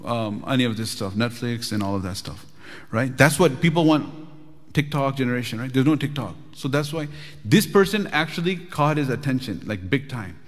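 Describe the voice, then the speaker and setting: A male religious teacher telling a story in a lively, chatty way in a mosque, often asking the audience "right?". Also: medium pitch, moderate pace. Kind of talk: storytelling lecture. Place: mosque hall. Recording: reverberant mosque hall.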